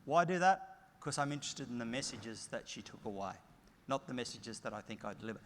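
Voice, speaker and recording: A man's voice: mid-range voice, expressive, brisk, fairly bright tone. Australian man, middle-aged, motivational keynote speaker, emphatic storytelling, long reverb from a large hall. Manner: emphatic, storytelling with punchy short phrases.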